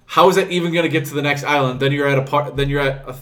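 A man's voice: on the high side, fairly even intonation, rapid-fire, fairly bright tone. A young man co-hosting a podcast, chatting casually and complaining in rambling, restarting sentences. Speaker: podcast co-host. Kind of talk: casual chat.

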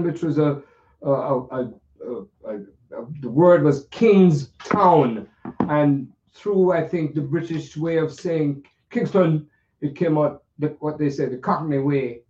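A man's voice: fairly high pitch, dark tone, dull audio, a little hiss or hum. An older man, reminiscing in a playful, rambling way with many restarts. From Jamaica. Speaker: pianist. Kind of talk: reminiscing monologue. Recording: echoey room, voice from far off.

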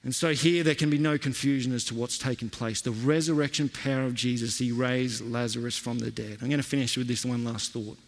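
A man's voice: medium pitch, fairly even intonation, fairly quick, hardly any pauses, long reverb tail. A male pastor preaching a sermon in an earnest, emphatic way, repeating his key phrases.

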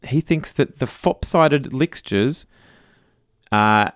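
A man's voice: mid-range voice, animated, takes it slowly, smooth, no room sound, clean studio sound. A middle-aged Australian man co-hosting a casual podcast, joking and reading out listener messages. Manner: jokey, reads out listener messages. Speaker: podcast co-host. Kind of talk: casual chat.

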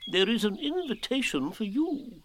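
A man's voice: sits high, very animated, moderate pace, no echo, pitched above the performer's own voice. A man voicing a fussy, self-important old owl in a storybook reading, full of chuckles.

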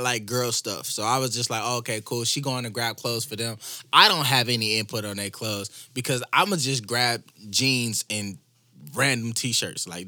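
A young man co-hosting a podcast, telling a story in a casual, swearing, animated way and acting out the quotes. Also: on the high side, no room sound, studio quality. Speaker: podcast co-host.

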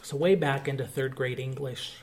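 A man's voice: medium pitch, steady tone, moderate pace, a crowd in the background. A male pastor preaching a sermon, explaining a point of scripture in an earnest, teaching manner.

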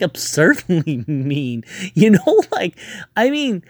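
Animated, swearing man ranting about a movie. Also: high-pitched, slow pace, dry recording. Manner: profane, exasperated, rambling. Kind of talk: casual movie rant.

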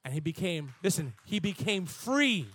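A man preaching a sermon in an animated, conversational way, shifting from soft asides to shouts. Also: sits high, normal speed. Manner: conversational, laughs and repeats words. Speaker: pastor.

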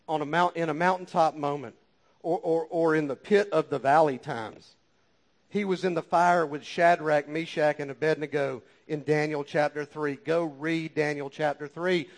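A man preaching a sermon with fervent, repetitive exhortations and folksy asides. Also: a little high.

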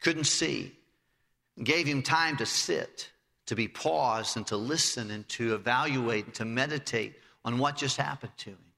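A man's voice: mid-range voice, unhurried, vocal fry, sharp tone, big-room sound. A man preaching a sermon, retelling scripture vividly and reading in old-style biblical phrasing.

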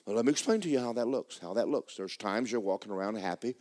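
A man preaching a sermon as pastor in a church, emphatic and repetitive, breaking into fervent shouted prayer. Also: fairly low pitch, animated, fast.

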